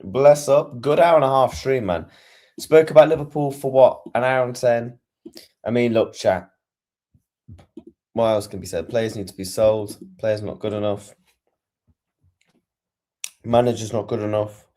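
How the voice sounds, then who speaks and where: A man's voice: medium pitch, measured pace, long pauses, warm tone. A man hosting a football stream and chatting casually with his viewers in a laid-back, slangy way. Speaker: streamer host.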